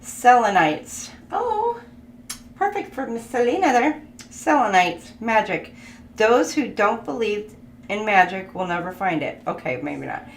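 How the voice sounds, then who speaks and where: Woman tarot reader, casual, slow-paced and chatty, recorded in an echoey room. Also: medium pitch, very animated. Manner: chatty, laughs, thinks aloud. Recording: echoey room with background noise.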